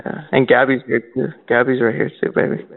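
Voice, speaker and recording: A man making a crude prank call in a flat, taunting monotone over a tinny phone line. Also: medium pitch, a little fast, gravelly. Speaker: prank caller.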